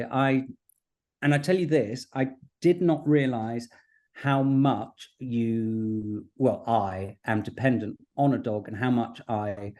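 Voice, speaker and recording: A man chats as a podcast guest in an even, middle-pitched voice. He tells his stories with lively energy and breaks into laughter often. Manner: chatty, quick to laugh, animated storytelling. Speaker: guest broadcaster. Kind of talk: casual chat.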